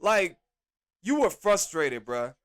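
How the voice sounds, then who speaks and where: High pitched dude going off on a wrestling show, slangy and worked up. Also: male voice, slow pace, clean tone. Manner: animated, exasperated ranting with slang. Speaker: podcast host. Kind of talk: casual wrestling review.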